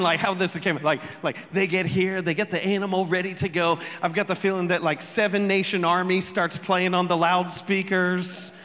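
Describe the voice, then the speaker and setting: A man preaching a sermon as pastor, telling the story with jokes, quick asides and sudden shouts. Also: sits high, fairly even intonation, in a large hall. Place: church sanctuary.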